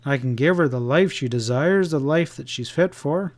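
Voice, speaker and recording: A man reading the part of a grave, brooding young cowboy in a low, subdued tone. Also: normal speed, natural voice. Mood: dull subdued.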